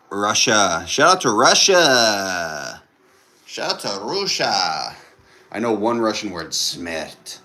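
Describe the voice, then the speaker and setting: Low-voiced young man chatting on a livestream. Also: vocal fry, slight background noise. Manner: chatty, repeats phrases, banters with commenters. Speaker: livestream host. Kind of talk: casual livestream chat reading viewer comments. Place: indoors at home with a TV on.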